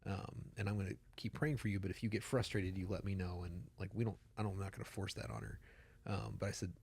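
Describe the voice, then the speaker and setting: Male pastor co-host, 30s, low raspy voice, animated conversational delivery. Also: fast talker. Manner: animated storytelling, emphatic repetition. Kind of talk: casual podcast conversation.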